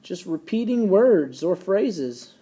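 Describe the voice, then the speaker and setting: A man teaching a recorded lesson, folksy and casual, slowing down and repeating key points so students can take notes. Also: sits high, big pitch swings, mellow, husky. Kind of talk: recorded classroom lecture.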